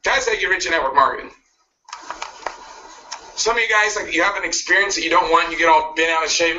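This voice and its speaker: A man's voice: fairly high pitch, fast talker, long pauses, background noise. A man giving a pushy motivational speech, cracking jabs and laughing at his own lines. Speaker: motivational speaker. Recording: muffled video played back from a distance.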